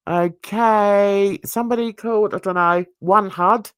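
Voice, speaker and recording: A woman's voice: mid-range voice, fairly even intonation, a little slow, smooth, no room sound, studio quality. A woman hosting a true crime channel, reading viewer comments aloud in a casual, self-mocking way, stumbling over words and laughing at herself.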